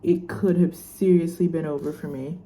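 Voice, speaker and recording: Young woman, chatty student vlog, slightly low voice, warm tone. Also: fairly even intonation, moderate pace, slight background noise. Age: young adult. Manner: chatty and rambling, with many fillers. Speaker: student vlogger. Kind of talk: casual unboxing vlog chat.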